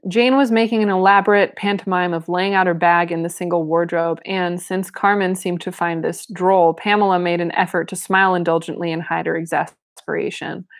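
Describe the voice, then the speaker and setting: A woman's voice: fairly low pitch, fairly even intonation, moderate pace, no room sound. A woman reading a novel aloud with casual commentary, breaking in with wry asides and frequent laughs. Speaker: reader and commentator.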